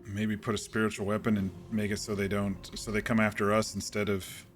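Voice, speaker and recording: Low-voiced man muttering through gameplay. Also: a little fast, soft background music. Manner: relaxed, muttering to himself, sudden excited outbursts. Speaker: gaming channel host. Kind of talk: casual gameplay commentary.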